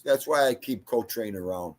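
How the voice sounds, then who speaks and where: A man's voice: medium pitch, normal speed. A man co-hosting a livestream podcast who tells stories in casual chat and keeps checking in with "okay?". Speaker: livestream co-host.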